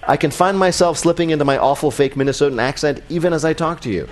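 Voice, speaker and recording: A man hosts a radio quiz show with a wry, joking delivery. His voice sits a little high for a man, and a faint hiss runs underneath it. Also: fast.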